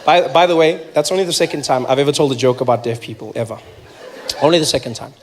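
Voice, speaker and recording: A man from Africa, telling a stand-up story on a comedy stage and building to loud outbursts. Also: medium pitch, fast talker, a little hiss or hum. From South Africa. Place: comedy stage before a live audience.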